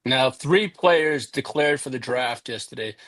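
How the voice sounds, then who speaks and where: Slow, steady man reading sports news. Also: mid-range voice. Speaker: podcast co-host reading news. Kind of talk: casual sports podcast chat.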